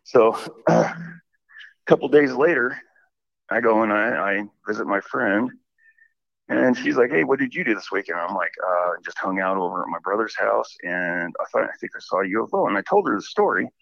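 A man calling in to a show, telling a story in a rambling, animated way. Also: lowish voice, normal speed, vocal fry, dry recording. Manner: rambling, animated retelling with many "I'm like" asides. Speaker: caller. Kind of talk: casual storytelling. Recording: muffled phone call.

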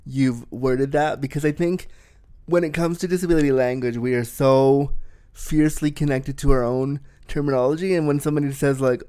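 A man's voice: on the high side, moderate pace, dark tone, clear, resonant tone. A man with a Canadian accent, hosting an interview, enthusiastic and often repeating words as he starts a thought. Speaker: podcast host. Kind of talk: conversational interview.

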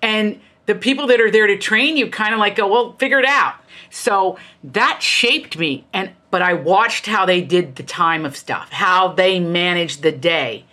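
A middle-aged woman author talks as an interview guest, her lowish voice bright and forceful. She tells stories candidly and emphatically, with animated asides and a driving push behind her words. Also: unhurried, hardly any pauses. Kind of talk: candid conversational storytelling.

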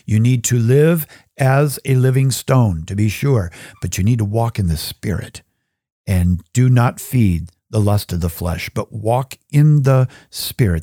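A man hosting a show, teaching scripture with animated storytelling and acting out little scenes. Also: medium pitch, measured pace, no room sound, clean studio sound. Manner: animated storytelling, acts out voices. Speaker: host and Bible teacher.

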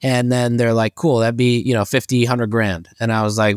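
A man's voice: medium pitch, fairly quick, hardly any pauses, no echo, clean studio sound. A man co-hosting a business podcast in casual chat, telling stories with lots of swearing and acted-out quotes of his own reactions. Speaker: podcast co-host.

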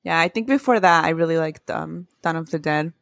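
A woman with a low, gravelly voice talks fairly quickly as co-host of a casual spooky podcast, chatting and storytelling. Animated and laughing often, she acts out quoted voices in a dry recording.

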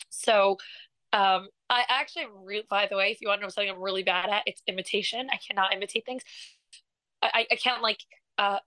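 A woman's voice: mid-range voice, dry recording, poor audio. A young woman from England, a singer, talking in a casual interview with lots of laughs, fillers and restarts. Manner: animated, laughs often, many fillers and restarts. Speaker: singer and guest.

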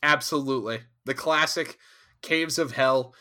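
A man co-hosting a podcast, telling a rambling, animated recap with frequent asides. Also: medium pitch, a little slow. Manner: rambling, animated, laughs often. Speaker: podcast co-host. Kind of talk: casual recap chat.

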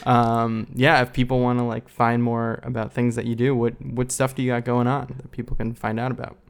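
A man's voice: mid-range voice, monotone, brisk, gravelly, clean tone, no room sound. A man hosting a podcast, chatting casually with a guest and reading the outro credits. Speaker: podcast host.

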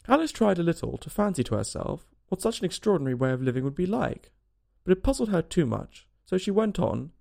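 A man narrating a storybook aloud in a lively, expressive way. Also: lowish voice, a little fast, creaky.

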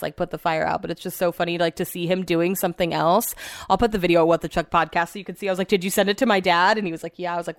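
A woman's voice: fairly low pitch, fairly bright tone, smooth, no room sound. Chatty young woman, dry room. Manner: chatty storyteller, lots of fillers and swearing. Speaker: podcast host. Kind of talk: casual chat.

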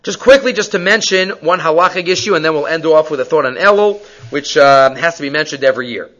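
A man's voice: a little high, quick pace. A man giving a weekly Torah portion class, telling stories and asking rhetorical questions, with Hebrew and Yiddish terms mixed into his English. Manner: animated storytelling, rhetorical questions. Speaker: Torah teacher. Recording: dull lo-fi recording.

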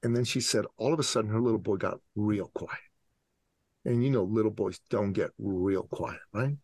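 A man in his forties from the Middle East, a podcast guest and business coach telling an animated, dramatic story. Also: fairly low pitch, normal speed, husky, dry recording. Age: 40s. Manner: dramatic, acts out scenes with voices.

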